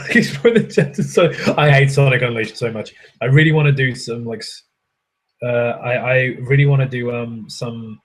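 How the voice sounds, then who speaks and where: Husky man chatting casually. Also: mid-range voice, moderate pace, poor audio. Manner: rambling, swears freely, self-mocking. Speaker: livestream host answering chat. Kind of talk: casual chat. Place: hotel room.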